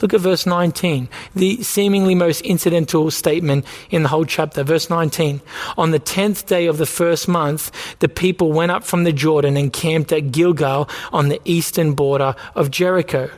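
High-voiced earnest male preacher. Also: steady tone, moderate pace. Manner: earnest preaching with repeated rhetorical questions. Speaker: pastor. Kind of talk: sermon.

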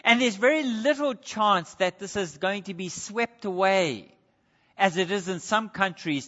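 A man delivers a sermon with earnest, deliberate emphasis. His voice sits high for a man. The sound is muffled and rings with long reverb from a large church hall. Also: a bit bright. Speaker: preacher. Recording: dull, reverberant hall recording.

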